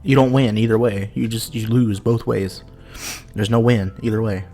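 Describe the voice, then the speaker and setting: A man's voice: lowish voice, fairly even intonation, normal speed, mellow, soft background music. A man hosting a gaming channel, giving casual let's-play commentary in an incredulous manner, swearing often.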